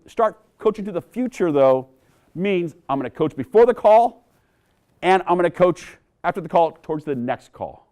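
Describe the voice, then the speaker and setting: Middle-aged male speaker, slightly high voice, energetic sales-coaching keynote to a conference room. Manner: energetic, acts out dialogue with big pitch swings. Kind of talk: keynote talk to an audience.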